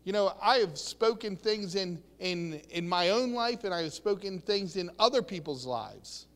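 A man's voice: sits high, animated, normal speed, a bit bright. A man preaching an earnest sermon, repeating and restarting words and acting out quotes, recorded in a reverberant hall.

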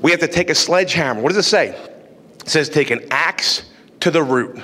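Male pastor preaching, high and lively voice, long reverb of a hall. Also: normal speed. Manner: animated preaching, acts out inner voices. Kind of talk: sermon.

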